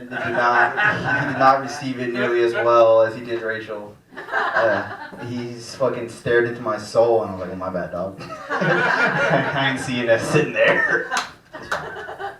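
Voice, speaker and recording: A man's voice: mid-range voice, animated. A man doing a brash, crude stand-up set in a small cafe room. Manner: brash, crude, bursts of quick talk. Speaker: stand-up comedian. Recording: roomy, distant, noisy.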